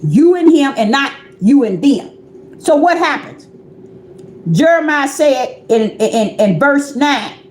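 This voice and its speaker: A woman's voice: high voice, reverberant, a little hiss or hum. A woman preaching on a livestream, pressing her point with repeated rhetorical questions.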